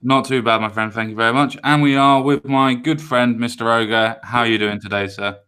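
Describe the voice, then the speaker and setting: A man's voice: medium pitch, steady tone, brisk, sharp tone, smooth. Rambling man hosting a stream. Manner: rambling, apologetic restarts. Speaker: livestream host. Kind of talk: casual podcast chat.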